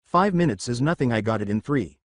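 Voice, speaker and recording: A man reading the lines of a cheerful, loud boy ninja in a fan story, upbeat and chatty. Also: mid-range voice, expressive, fairly quick, dry recording, close to an everyday voice.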